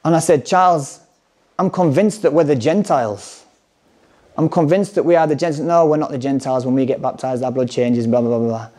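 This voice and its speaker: A man's voice: medium pitch, a little fast, dark tone. A man speaking candidly at a conference, telling a personal story and reading scripture with emphasis. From England. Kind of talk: personal testimony talk.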